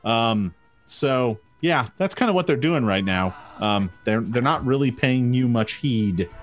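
A man's voice: mid-range voice, expressive, unhurried, faint music behind. A man narrating as game master of a tabletop game, hesitant and full of restarts. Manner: hesitant, many ums and restarts.

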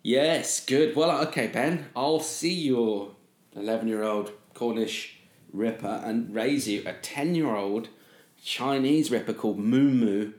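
A man's voice: medium pitch, unhurried, darkish tone. A man co-hosting a casual podcast, talking in a rambling way with many fillers and casual swearing. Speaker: podcast co-host. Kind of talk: casual chat. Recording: roomy echo.

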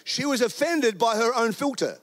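This is a middle-aged man with an Australian accent, speaking in a fairly high voice. He is giving a sermon in an animated, joking way, slipping quick asides into his stories. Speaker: guest preacher.

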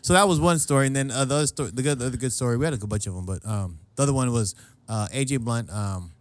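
A man in his late thirties hosting a podcast, telling stories in a loose, animated way, swearing, laughing and acting out what people said. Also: mid-range voice, fast. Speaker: podcast host. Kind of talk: casual storytelling chat. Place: southern California.

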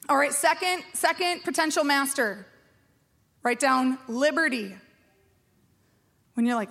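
A woman's voice: fairly high pitch, moderate pace. A woman pastor giving a sermon in a chatty, self-mocking way, asking the room questions.

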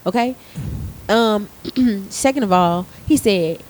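A woman's voice: medium pitch, takes it slowly, poor audio. A woman in her thirties, a theater arts teacher, chatting casually and telling a work story with lots of swearing and acted-out quotes. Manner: animated storytelling with profanity, acting out quotes. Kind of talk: casual podcast chat.

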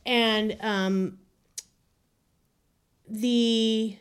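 A woman's voice: fairly high pitch, steady tone, very slow, smooth. Chatty woman telling a dramatic story. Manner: chatty, many fillers, builds suspense. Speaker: podcast guest telling a story. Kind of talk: casual storytelling.

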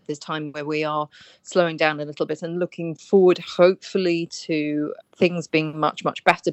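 Low-voiced woman, dry close sound. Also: dry recording. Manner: warm, hesitant, lots of restarts. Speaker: interviewee, writer. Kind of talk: interview conversation.

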